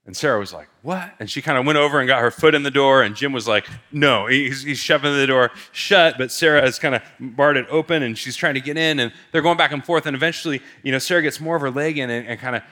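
A man's voice: mid-range voice, fast talker, hardly any pauses, sharp tone. A male pastor telling a story in a sermon, casual and conversational, with lots of filler words.

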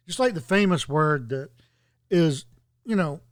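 A fairly high-voiced man chats loosely and jokingly, wandering from point to point. The sound is dry and close, with no room around it. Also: expressive, a little slow, no room sound. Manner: rambling, jokey, digressive storytelling. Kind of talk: casual podcast chat.

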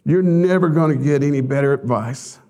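A man preaching a sermon as pastor, telling stories with laughter and sudden high excited outbursts. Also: normal speed.

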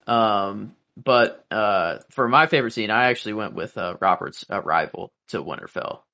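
A man's voice: lowish voice, normal speed, bright, forceful tone. A young man co-hosting a podcast, chatting about a TV show with frequent hesitations and restarts. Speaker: podcast co-host. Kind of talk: casual chat about a TV show.

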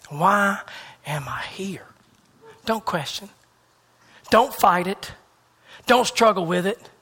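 A man delivering a sermon in a high, bright voice. He drives his points home through repeated phrases. He swings between loud, fervent bursts and near-whispered hushes. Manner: repetitive, emphatic preaching cadence. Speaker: preacher.

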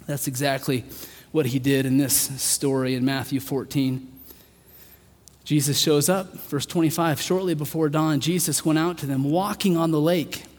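A man preaching in an earnest way, building to forceful peaks before falling back soft. His voice sits a little high. The sound carries a long reverb from a large hall. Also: steady tone, moderate pace. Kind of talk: sermon.

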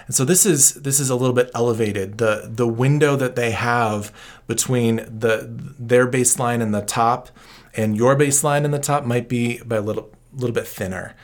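A man in a mid-range voice, neither high nor low, talks through advice as a trauma counselor. His delivery is calm and explanatory, with a reassuring, counseling manner as he lays out practical steps. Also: normal speed. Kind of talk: interview answers.

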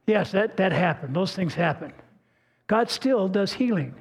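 Gravelly older man preaching, folksy. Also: sits high, moderate pace. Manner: folksy, earnest, repeats and restarts words. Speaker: pastor. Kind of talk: sermon with personal storytelling.

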